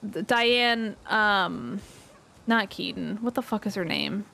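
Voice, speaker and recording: A woman's voice: medium pitch, slow, vocal fry, bright, forceful tone. A woman streaming a survival game with a friend, chatting casually and rambling, laughing often. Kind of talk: casual gaming chat.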